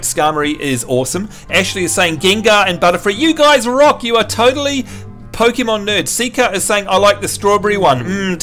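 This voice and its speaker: A man's voice: fairly high pitch, bright, forceful tone. A man with a New Zealand accent hosting a game live stream, reading chat messages aloud in a chatty, joking way. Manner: chatty, reads chat aloud, jokey outbursts.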